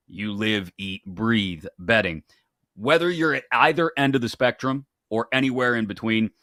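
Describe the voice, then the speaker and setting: A male host of a sports betting show from the upper Midwest, giving an upbeat, rapid rundown of games and odds. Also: on the low side, a bit bright, no echo, studio quality.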